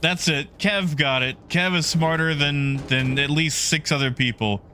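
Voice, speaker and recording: A man's voice: on the high side, unhurried, bright, forceful tone, slight background noise. A man streaming a game, chatting casually and greeting viewers in the chat by name.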